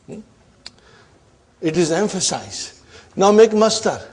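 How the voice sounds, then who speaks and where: A man teaches a grammar class in a somewhat high voice. He keeps firing questions at his students and tags his points with "huh?" to check that they follow. His explanations go step by step and return often to the same terms. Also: big pitch swings, slow, darkish tone, breathy edge. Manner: checks understanding with frequent "huh?" and "are you with me?"; drills students with repeated questions and term-by-term explanation.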